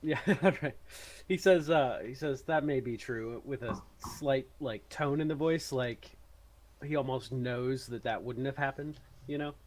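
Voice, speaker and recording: A man's voice: medium pitch, unhurried, a little hiss or hum. Man narrating his tabletop character. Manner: relaxed, narrates in third person. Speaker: player. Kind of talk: describing his character's actions in a tabletop game.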